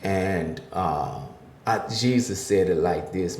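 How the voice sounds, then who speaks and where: A man in his fifties giving motivational life advice to men. He starts slow and halting, then builds to forceful, preacherly emphasis. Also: deep voice, a little hiss or hum. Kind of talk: motivational talk. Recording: roomy echo.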